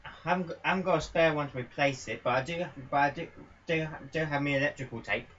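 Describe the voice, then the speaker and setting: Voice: medium pitch, fast, a bit bright, lo-fi sound, a little hiss or hum, natural voice. A player voicing a handy stallion pony mechanic in a pony tabletop game, casual and folksy, often stammering and repeating words.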